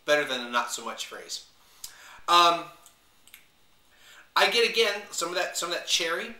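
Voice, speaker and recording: A man's voice: a little high, big pitch swings, normal speed, pushed and bright, recorded from a distance. A man giving a casual wine review on video, rambling with plenty of fillers and trying out different pronunciations. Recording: echoey room, voice away from mic.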